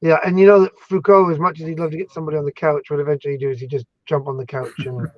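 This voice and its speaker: A man chatting casually as an academic guest, animated and jokey, rambling through his thoughts. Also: a little high, very fast, lo-fi sound. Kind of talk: casual chat.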